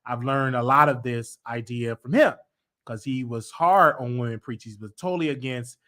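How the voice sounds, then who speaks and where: A man's voice: medium pitch, normal speed, pushed and bright. A man hosting his own show, talking in a casual rambling monologue with many fillers and sudden joking bursts. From United States. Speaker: show host. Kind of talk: casual live-stream monologue.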